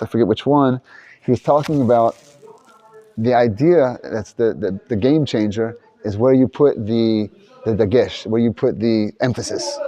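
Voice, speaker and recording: Mellow-voiced man teaching a casual class. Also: medium pitch. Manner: loose, rambling, thinks aloud with restarts. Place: study hall.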